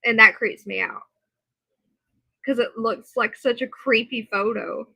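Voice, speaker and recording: A woman streams from her computer at home, reading a report aloud and breaking off into lively chatter with her viewers. Her voice sits a little high and sounds crisp and bright. The sound is close and dry, with no room echo. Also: measured pace. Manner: chatty, animated asides while reading. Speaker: live streamer. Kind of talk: reading a news report aloud, then casual chat with viewers. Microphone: computer mic, earbud in for monitoring.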